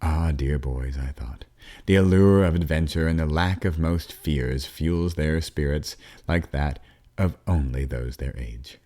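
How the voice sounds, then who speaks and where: A man narrating an audiobook as a father, with a warm storytelling manner, wry asides and the odd dip into a whisper. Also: extremely low pitch, a little slow.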